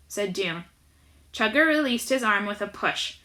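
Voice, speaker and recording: A woman narrating a children's novel aloud as an audiobook, in a lively, expressive storytelling manner. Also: medium pitch, normal speed. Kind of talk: audiobook reading.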